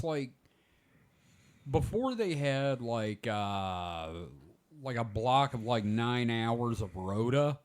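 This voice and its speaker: A man's voice: mid-range voice, a little mellow. A man in his forties hosting a podcast, telling rambling stories in casual chat. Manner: rambling storyteller, many "like" fillers. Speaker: podcast host.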